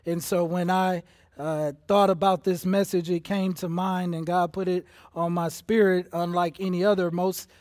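High-voiced emotional pastor. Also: male voice, flat delivery, normal speed, dry recording. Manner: emotional, builds from soft to intense. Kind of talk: livestreamed sermon. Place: church auditorium.

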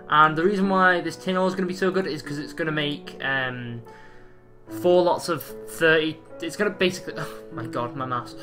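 A man casually commentating his own gameplay, chatty and jokey, swearing now and then. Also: on the high side. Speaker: let's play host.

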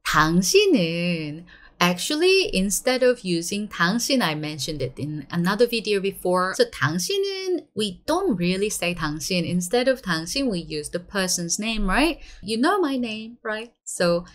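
A woman in her thirties with a Korean accent, a Korean teacher giving an encouraging online lesson and drawing out the example phrases slowly. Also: mid-range voice. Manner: lively, encouraging, drawn-out model phrases.

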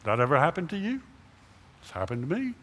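A man's voice: a little high, wildly swooping pitch, fairly quick, a bit bright. A middle-aged male pastor giving a sermon in a church sanctuary, asking the congregation questions and acting out imagined conversations. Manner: acts out imagined dialogue, asks the congregation questions. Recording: long hall reverb in a church.

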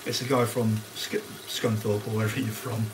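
A man with a lowish voice hosts a live cooking stream, chatting casually and greeting viewers by name while he cooks. He speaks at a moderate pace with little pitch movement, and heavy background noise comes from onions sizzling in a pan.

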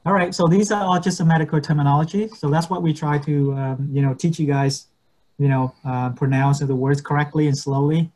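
A man teaching medical English in an online class, patiently repeating words slowly and switching languages. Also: on the high side, fairly even intonation, darkish tone.

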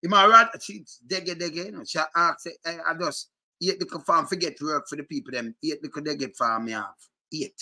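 A middle-aged Jamaican man ranting in heated commentary, animated and repetitive, switching between Patois and English. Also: fairly high pitch, normal speed.

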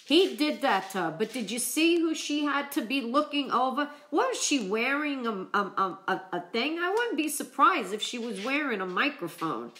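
A woman vlogger chatting on a live stream, emotional and choked up from crying, talking haltingly with many restarts. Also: sits high, very animated, bright, forceful tone. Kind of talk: casual live-stream chat.

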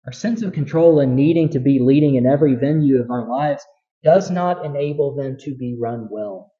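A man's voice: medium pitch, normal speed, lo-fi sound. A man preaching a sermon as pastor, talking conversationally with frequent restarts and building emphasis.

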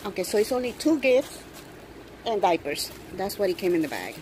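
A woman filming an unboxing vlog at home, gushing with excitement and cooing as she talks. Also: medium pitch, normal speed, a little hiss or hum, poor audio. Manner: gushing, excited, coos over the doll. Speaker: reborn doll collector vlogger. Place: indoors at home.

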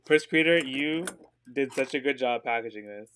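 Over a little hiss or hum, a man speaks at normal speed in a medium-pitched, fairly bright voice, hosting a live online sale of pre-owned designer handbags. The chat is casual and filler-heavy, and he giggles often while gushing about the bags.

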